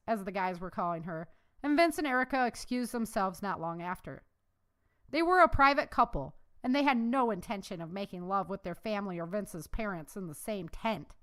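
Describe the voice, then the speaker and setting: A woman author reading her own novel aloud in an expressive storytelling style. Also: mid-range voice. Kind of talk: audiobook narration.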